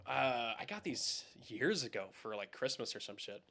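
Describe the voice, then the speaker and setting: A young man chats loosely on a live stream from home, talking straight to his viewers. His voice is bright and forceful at a middle pitch, and he rambles, swears and laughs along the way. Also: big pitch swings, moderate pace, gravelly. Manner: rambling, swears, laughs often, talks to chat. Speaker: live-stream host reviewing keyboards. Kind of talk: casual live-stream chat.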